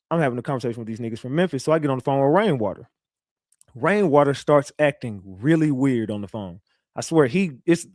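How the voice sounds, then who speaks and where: A man's voice: mid-range voice, dry recording, clean studio sound. A man hosting a livestream, talking in a loose, rambling way with street slang and many restarts. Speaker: livestream host. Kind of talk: casual livestream commentary.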